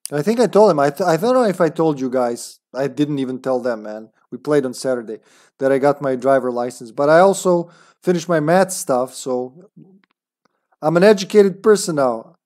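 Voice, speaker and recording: A man's voice: a little high, a little mellow. Jokey young man streaming a game. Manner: jokey, laughs often, quick asides. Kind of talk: casual gaming commentary.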